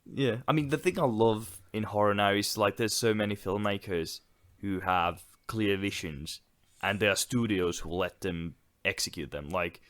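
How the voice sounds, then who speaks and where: A man with a fairly low-pitched, slightly bright voice co-hosts a podcast, chatting casually about a film at a moderate pace. He keeps things loose, filling his speech with "like," "yeah," and similar fillers.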